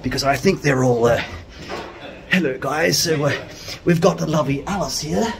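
A man's voice: on the high side, moderate pace, vocal fry, low-quality recording. A man hosting a playful backstage webisode, chatting and teasing cast members before a show. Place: theatre backstage and dressing rooms.

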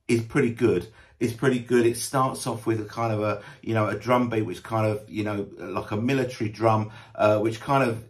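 A man giving a casual, rambling spoken album review, blunt in his opinions and full of hesitations and restarts. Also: medium pitch. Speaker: music reviewer.

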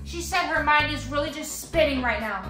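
A young woman vlogging, playfully talking to her toy llamas and cheering them on in a bubbly, animated way. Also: high-pitched, moderate pace. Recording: echoey room with music behind.

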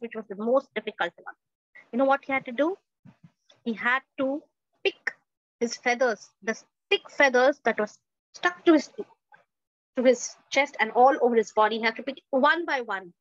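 A woman's voice: sits high, normal speed, dry recording, muffled recording. A woman storyteller performing an oral tale at a festival, building drama through repetition and asking questions of her listeners. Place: indoor festival stage.

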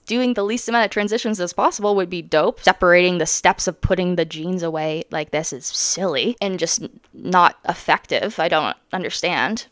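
A woman's voice: medium pitch, a bit bright, clear, resonant tone, no echo, clean studio sound. A young woman from Canada giving heated, emphatic commentary as she reacts to a video, blunt and swearing freely. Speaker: autistic vlogger reacting to a therapy video.

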